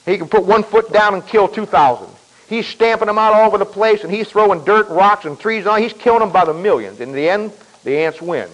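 A man preaching a sermon in a folksy, emphatic way, repeating himself and clearing his throat often. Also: high voice, animated, a little fast, lo-fi sound.

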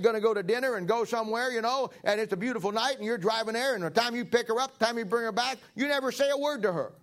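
A man's voice: very high-pitched, fairly bright tone. A man preaching a sermon in a folksy, joking way, acting out little everyday scenes. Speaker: pastor.

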